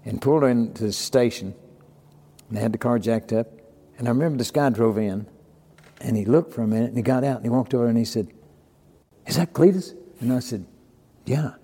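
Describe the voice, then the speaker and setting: Folksy older man, mellow echoey voice. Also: medium pitch, fast, long pauses, husky. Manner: folksy storyteller, acts out quoted dialogue. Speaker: podcast guest. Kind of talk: casual storytelling.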